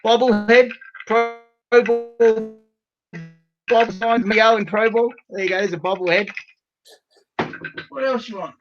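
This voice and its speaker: Australian guy, high voice, rowdy and profane, dull lo-fi call audio; show regular on a video call. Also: steady tone, a little slow, pauses often, over music. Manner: loud, rowdy, swears freely. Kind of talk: casual video call chat. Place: bedroom at home.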